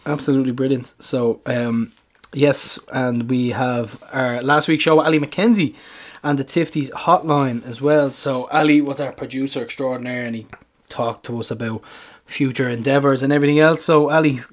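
A man's voice: medium pitch, steady tone, normal speed. A man co-hosting a podcast in a laid-back, jokey, rambling chat. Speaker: podcast co-host. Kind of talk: casual chat.

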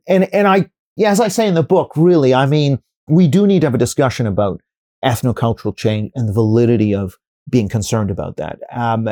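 A man's voice: medium pitch, mellow, no room sound, studio quality. A professor being interviewed, building his points step by step through examples and hypotheticals, restarting sentences as he thinks. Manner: frequent restarts and fillers while thinking. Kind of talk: conversational interview answers.

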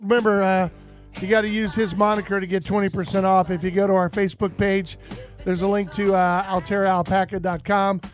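Brief: upbeat male radio host with a high voice, studio mic, light music under. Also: level tone, brisk. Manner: upbeat, laughing, reads sponsor plugs and phone number. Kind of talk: live outdoors radio talk show.

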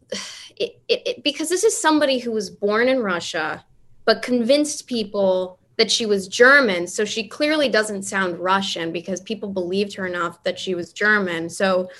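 Chatty actress answering at a panel. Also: female voice, medium pitch, a bit bright. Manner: rambling, with many fillers and restarts, and acts out voices. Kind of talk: casual interview answer.

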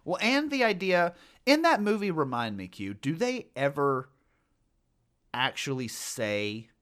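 A man's voice: fairly high pitch, measured pace, clear, resonant tone. A man co-hosting a casual podcast chat, telling stories animatedly about scary films. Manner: animated storyteller, lots of fillers and restarts. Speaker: podcast co-host.

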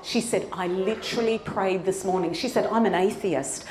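A woman's voice: medium pitch, moderate pace, a little hiss or hum. Woman preaching a story in an echoey room. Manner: animated storytelling, rising to fervent exhortation. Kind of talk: sermon testimony.

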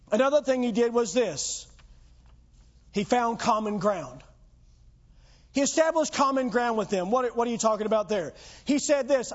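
A man's voice: very high voice, expressive, normal speed, highs cut off. A man preaching a sermon as pastor, emphatic and full of rhetorical questions to the congregation.

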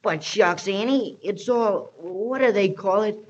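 A woman's voice: medium pitch, measured pace, a little mellow, natural voice. A performer in a 1930s radio drama playing Joe, an eager, earnest boy who talks in a folksy way with frequent "shucks". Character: eager earnest boy, Annie's loyal pal. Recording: dull lo-fi 1930s radio recording.

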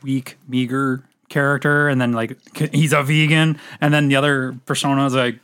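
Man, mid pitch, dry close recording; blunt joking co-host. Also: flat delivery, moderate pace, fairly bright tone, clear, resonant tone, dry recording. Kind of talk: casual chat.

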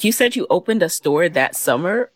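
A woman's voice: fairly low pitch, expressive, moderate pace, dry recording. A woman hosting a podcast interview, asking questions casually and laughing along with her guest. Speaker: podcast host. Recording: dry podcast audio.

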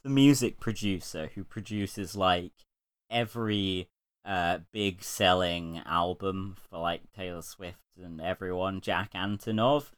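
A man's voice: low voice, steady tone, measured pace, a bit bright, clear, resonant tone. A man co-hosting a podcast, chatting casually, swearing a lot and breaking into laughter as he retells stories. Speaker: podcast co-host. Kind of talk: casual chat.

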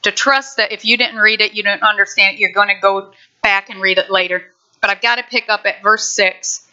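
A woman pastor preaching a sermon in a lively, conversational way with playful asides to her congregation. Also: mid-range voice, fairly quick, dull audio. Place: church sanctuary.

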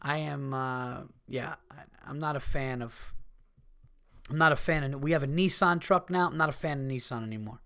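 A man hosting a casual solo podcast, ranting in a profane, animated way. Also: medium pitch, moderate pace, clear, resonant tone. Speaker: podcast host.

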